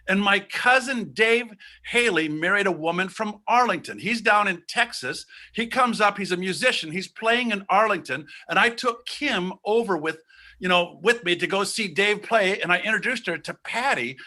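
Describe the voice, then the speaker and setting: A man from Ohio telling a personal story as a guest storyteller, animated and acting out the voices of the people in it. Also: high voice, normal speed. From Ohio, USA.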